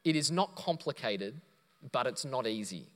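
A man's voice: mid-range voice, lively intonation, moderate pace. A man preaching a sermon, telling a story and quoting others before building to emphatic points. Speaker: pastor. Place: church auditorium. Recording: long reverb of a church hall.

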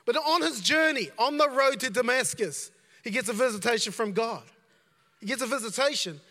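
A man's voice: very high-pitched, moderate pace, sharp tone, big-room sound. A man preaching a conversational sermon as a pastor, repeating himself and dropping in asides.

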